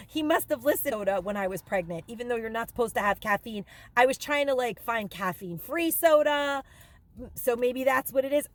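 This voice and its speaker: A woman's voice: sits high, no room sound. A middle-aged woman vlogger telling a rambling story in casual chat, with many ums and likes. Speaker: haul vlogger.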